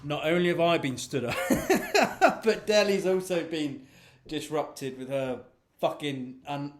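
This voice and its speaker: A man's voice: medium pitch, a little mellow, roomy sound, slight background noise. A man rambling in a casual, sweary monologue from his home office, laughing often. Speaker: author and podcast host.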